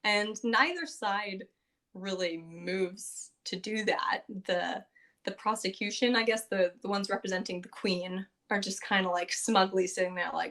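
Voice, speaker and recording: A woman's voice: medium pitch, fairly even intonation, normal speed, fairly bright tone. A woman hosting a podcast, recapping a tabletop game session in a casual, chatty way with plenty of fillers and acted-out quotes. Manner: chatty, filler-heavy, often acts out quotes.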